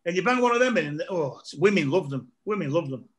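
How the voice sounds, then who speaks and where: Animated man telling stories. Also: on the high side, quick pace, slightly rough. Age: middle-aged. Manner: animated anecdotes, laughing, acting out voices. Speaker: comedian guest. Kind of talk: casual storytelling chat.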